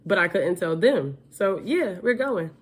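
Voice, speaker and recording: A woman's voice: mid-range voice, very animated, measured pace, slightly rough. A woman telling her life story in a casual, candid way, chatty and full of fillers.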